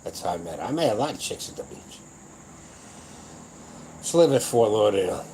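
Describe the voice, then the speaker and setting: A man's voice: fairly low pitch, sing-song, fairly quick, warm tone, a little hiss or hum, rough recording. A man in his seventies hosting his own powerlifting channel, talking in a blunt, rambling, profane and boastful way in a casual livestream chat. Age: 70s.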